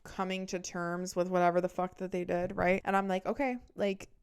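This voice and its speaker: A woman in her twenties telling a dramatic storytime, cursing freely and acting out scenes with lively energy. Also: on the low side, brisk, clean tone. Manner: dramatic, profane, animated storytelling. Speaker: vlogger. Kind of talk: storytime vlog.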